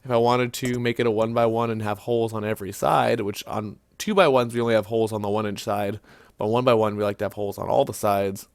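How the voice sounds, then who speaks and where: A man giving a casual, unscripted software tutorial, thinking aloud with fillers and self-corrections as he clicks through the steps. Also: fairly low pitch, fairly even intonation, fast talker, no room sound. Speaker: CAD tutorial instructor. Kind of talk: screen-recorded software walkthrough.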